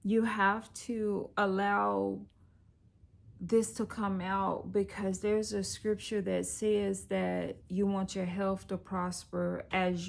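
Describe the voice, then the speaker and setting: A woman's voice: mid-range voice, gravelly. A middle-aged woman, a life coach, giving an encouraging, conversational tarot reading that turns slightly preachy. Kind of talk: direct-to-camera tarot reading.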